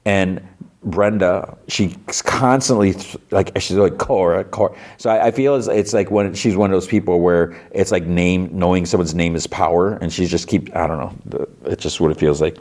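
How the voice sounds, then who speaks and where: A man hosting a podcast, casually retelling a TV episode in a rambling, filler-heavy way with quick asides. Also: low voice, fairly even intonation, darkish tone. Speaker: podcast host recapping a TV episode. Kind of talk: casual recap.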